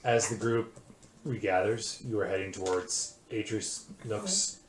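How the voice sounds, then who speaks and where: A man running a tabletop game as game master, describing scenes in a halting way full of fillers. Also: fairly low pitch, a little hiss or hum. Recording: roomy echo.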